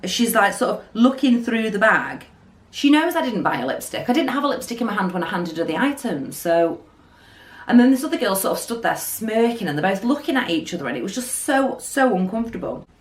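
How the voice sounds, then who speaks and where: A woman telling an animated storytime vlog. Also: medium pitch, brisk. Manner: animated storytelling, acting out quotes. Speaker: beauty vlogger. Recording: roomy echo.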